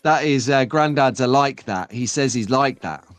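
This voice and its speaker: A middle-aged man hosts a live stream show, chatting in a rambling way and reading viewer comments aloud. His medium-pitched voice is clear and resonant at a moderate pace, with no echo and faint music in the background.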